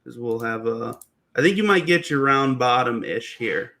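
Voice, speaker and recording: A young man explains stock charts as a guest trader, relaxed and plain-spoken with casual slang. His voice sits at an ordinary middle pitch. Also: moderate pace. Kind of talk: casual chart analysis on a livestream.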